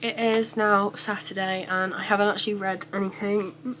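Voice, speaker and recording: A young woman vlogging about her reading, sounding sick and rough-voiced, gushing and emotional as she talks to the camera. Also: mid-range voice, little pitch movement, normal speed, a bit bright, slight background noise. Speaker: book vlogger. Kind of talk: casual reading vlog.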